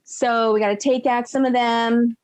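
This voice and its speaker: Female player, recap duty; chatty, laughs a lot, higher voice, dry sound. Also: little pitch movement, darkish tone, no echo, low-quality recording. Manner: chatty and giggly, with quick character voices. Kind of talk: casual recap of a tabletop game.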